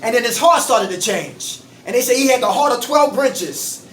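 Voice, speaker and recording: A very high-pitched man leads a recovery group, preaching in call-and-response and firing questions at the room. He sounds far from the mic in an echoey space. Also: lively intonation, moderate pace, fairly bright tone, slight background noise. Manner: preachy, quizzes the group with "what?".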